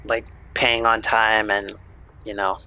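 A man's voice: fairly low pitch, level tone, slow pace, sharp tone, poor audio. A man narrating as game master of a tabletop role-playing game, in a loose, laid-back way with frequent fillers.

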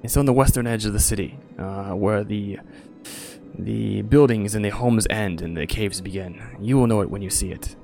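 A man narrating as game master of a tabletop game, relaxed, with frequent filler pauses. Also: fairly low pitch, creaky, faint music behind.

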